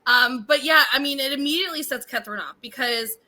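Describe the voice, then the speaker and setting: Bright, sassy high-voiced woman. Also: fast. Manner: sassy and laughing, playful name-calling. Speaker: podcast co-host. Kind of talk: casual chat recapping a reality show.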